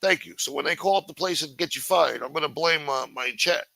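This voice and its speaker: A man's voice: a little high, a little fast, gravelly, sharp tone, no echo, pitched above the performer's own voice, poor audio. A man putting on a mocking voice of a needy, shifty drifter who rambles and wheedles. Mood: whiny. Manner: whiny, wheedling mockery.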